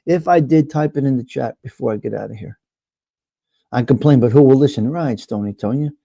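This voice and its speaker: A man's voice: medium pitch, fairly quick, vocal fry, warm tone, dry recording. A man hosting a live stream, ranting bluntly and profanely to his viewers and repeating himself. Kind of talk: casual ranting chat with viewers.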